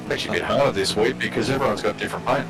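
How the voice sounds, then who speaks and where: A man co-commenting a sim race, reacting excitedly and joking. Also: mid-range voice, very fast. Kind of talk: live sim racing commentary. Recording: racing game noise behind.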